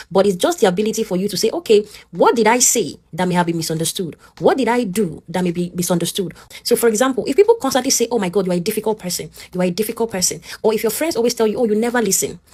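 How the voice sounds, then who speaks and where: A woman, talking casually and warmly as she teaches, often checking in with "okay?" and acting out both sides of an argument. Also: mid-range voice, slightly rough. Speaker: advice talk host. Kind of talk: casual advice talk.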